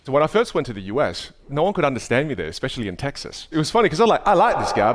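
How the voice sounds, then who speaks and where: An Australian man coaching speech at a live workshop, energetic, emphatic and playful. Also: mid-range voice, fast talker.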